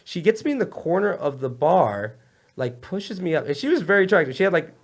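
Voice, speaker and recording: Fast-talking animated young man. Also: on the high side. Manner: animated, rambling, laughs often. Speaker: comedian guest. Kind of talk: casual storytelling chat.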